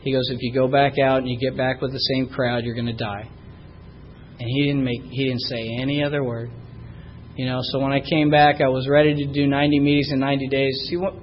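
A middle-aged man giving personal testimony at a recovery meeting, halting and repeating himself, and getting louder when he stresses a point. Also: fairly high pitch, highs cut off, slight background noise. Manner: halting, repeats words, rises in volume when emphatic.

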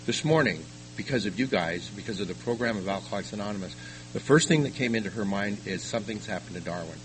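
An older man giving a personal testimony at a recovery meeting, telling his story haltingly with frequent restarts. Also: fairly low pitch, lively intonation, background noise. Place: meeting room.

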